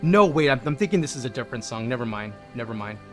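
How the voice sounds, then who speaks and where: A man's voice: medium pitch, lively intonation, quick pace, faint music behind. A man livestreaming a game, chatting playfully with his viewers and greeting them by name. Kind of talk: casual gameplay chat with viewers.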